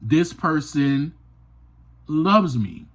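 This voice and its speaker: A man hosting a podcast, telling a personal story in an earnest, emphatic monologue that climbs to passionate peaks and drops to quiet asides. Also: fairly high pitch, expressive, drawn-out words. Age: adult. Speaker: podcast host.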